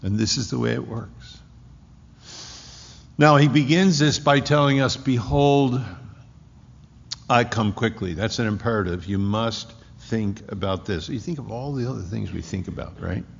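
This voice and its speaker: A pastor's sermon from a man with a gravelly, creaky voice, pressing each point home by repeating it. His words ring through a large church hall with a long reverb. The recording itself sounds dull and lo-fi. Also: lowish voice, moderate pace. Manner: emphatic, repeating key phrases. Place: church sanctuary.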